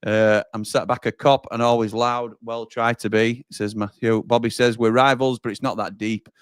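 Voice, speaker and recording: A man's voice: medium pitch, little pitch movement, moderate pace, clear, resonant tone, dry recording, clean studio sound. A man hosting a live football watchalong, chatting and reading out viewer comments. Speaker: watchalong host.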